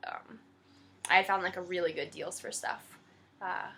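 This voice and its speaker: Young woman, bright clear voice, emotional, teary, gushing, filler-heavy casual vlog chat. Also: lowish voice, fairly even intonation, normal speed. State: teary-eyed. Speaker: vlogger.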